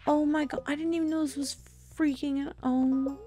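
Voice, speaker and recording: A woman hosting a let's play, giving casual gameplay commentary. She is excitable, exclaims and thinks aloud as she plays, and talks straight to her viewers. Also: high-pitched, normal speed, faint music behind.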